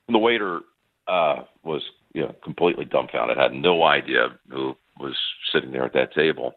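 A man guest on a sports interview, telling warm anecdotes with plenty of fillers and restarts. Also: a bass voice, a little fast. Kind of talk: phone interview, reminiscing. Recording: tinny phone line.

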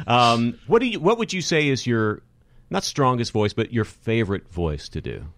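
A man hosting a podcast, asking questions in a relaxed, meandering way. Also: mid-range voice, moderate pace, slight background noise. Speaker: podcast host. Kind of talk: casual podcast chat.

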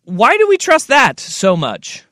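A male radio host chatting casually, animated and playful, rambling through stories. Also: very high-pitched, a little slow, no echo, studio quality.

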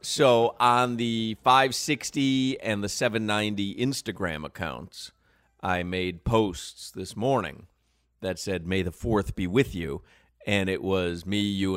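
Man, radio co-host, playful banter, low voice, dry studio. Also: fairly bright tone, no echo. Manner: joking, playful, laughs often.

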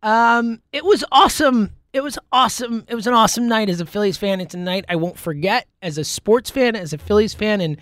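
A man hosting a sports talk show in a casual solo monologue, rambling and excitable, full of fillers and restarts. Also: sits high, fairly quick, few pauses, no room sound, studio quality. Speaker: sports podcast host.

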